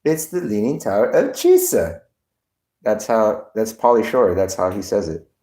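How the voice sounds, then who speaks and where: A man's voice: fairly low pitch, big pitch swings, normal speed, mellow. A man live streaming, chatting casually with viewers in a rambling, laughing way with plenty of swearing. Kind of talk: casual livestream chat.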